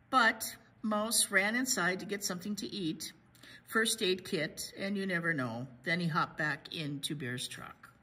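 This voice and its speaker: A woman librarian reading a picture book aloud to children, pausing to chat about the pictures. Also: fairly low pitch, sharp tone, slightly rough. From United States. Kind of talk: children's story read-aloud.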